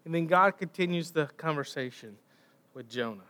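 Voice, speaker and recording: A man's voice: on the high side, expressive, normal speed, pushed and bright. A man preaching a sermon, retelling a Bible story and posing rhetorical questions to his listeners.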